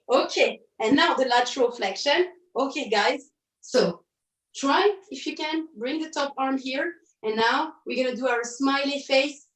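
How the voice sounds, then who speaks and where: Leading an online fitness class, a pilates instructor with a high voice brightly calls out each move and counts the reps. She fixes her own slips with quick asides. The sound is roomy, with her voice coming from somewhat off the mic.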